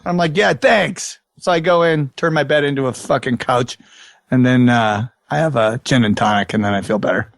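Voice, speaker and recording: Animated, foul-mouthed man telling a story. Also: mid-range voice, brisk, no echo, clean studio sound. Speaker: podcast co-host. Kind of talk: casual chat.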